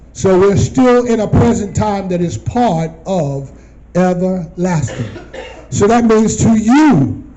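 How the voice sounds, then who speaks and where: Guy teaching bible verses to a group, slow and high, keeps asking them "what?", muffled lo-fi sound. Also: dark tone. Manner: asks the audience questions, repeats phrases. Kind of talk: call-and-response Bible teaching.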